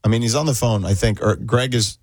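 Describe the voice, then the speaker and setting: A man co-hosting a sports radio show, quick and chatty. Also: fairly low pitch, fairly even intonation, a little mellow, no room sound, studio quality. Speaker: radio host. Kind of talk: casual sports talk radio.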